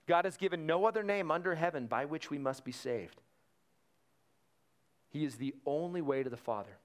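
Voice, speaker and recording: A male pastor preaching a conversational sermon, slowing down to stress key phrases. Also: a little high. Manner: conversational preaching with fillers and restarts, slowing for emphasis.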